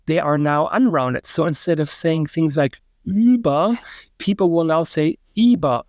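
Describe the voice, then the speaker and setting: A middle-aged man, a linguistics professor and podcast guest, explaining at length with many uh and um pauses and sounding out example words. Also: a little high, no echo. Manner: lecturing, demonstrates pronunciations aloud, frequent uh and um.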